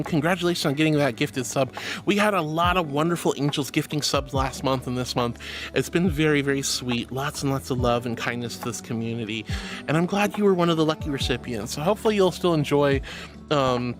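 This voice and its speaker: A woman live-streaming and chatting casually with viewers, affectionate and giggly, calling them sweetheart and hon. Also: low-pitched. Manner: giggly, bubbly. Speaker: livestreamer.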